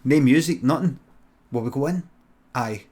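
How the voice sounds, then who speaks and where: Scottish male comic, mid-pitched, deadpan improv storyteller, swears freely, mutters asides. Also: normal speed. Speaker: comedian streamer.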